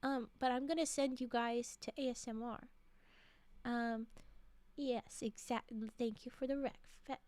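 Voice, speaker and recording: Chatty soft-spoken woman, high voice. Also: steady tone, measured pace. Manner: chatty and rambling, with frequent laughs and filler words; soft-spoken, drifting into quiet murmurs. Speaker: streamer. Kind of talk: casual chat with stream viewers.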